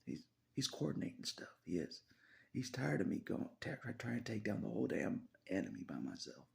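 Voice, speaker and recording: A man's voice: fairly low pitch, sing-song, brisk, vocal fry, a little mellow. A man vlogging in a rambling religious monologue, laughing often and dropping into whispers.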